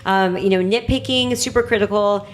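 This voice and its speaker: A woman astrologer guesting on a podcast, chatty and animated, talking casually with plenty of fillers. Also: medium pitch, moderate pace.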